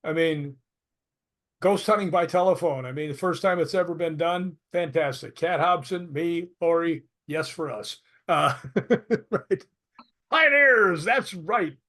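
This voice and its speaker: A man's voice: a little high, unhurried. A man being interviewed as a guest, telling anecdotes in a chatty way and laughing often. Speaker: paranormal investigator guest. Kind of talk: casual interview storytelling.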